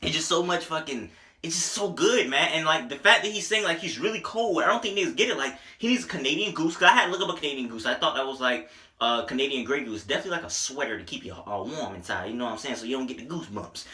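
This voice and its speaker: A young man casually reviewing an album, animated and profane, joking and rapping lines along. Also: a little high, quick pace. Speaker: music reviewer. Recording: echoey room.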